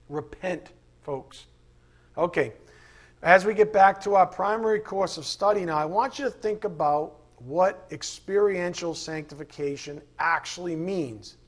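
Male preacher, husky, high voice, emphatic sermon delivery with sarcastic asides. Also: unhurried.

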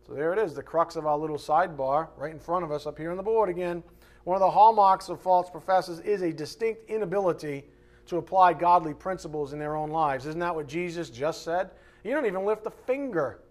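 High-voiced, fiery male preacher. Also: fairly quick. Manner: animated, mocking voices of his opponents, shouts for emphasis. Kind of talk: expository sermon.

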